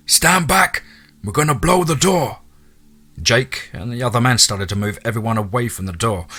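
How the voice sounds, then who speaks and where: A man narrating a monster horror story in a steady, dramatic reading. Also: on the low side.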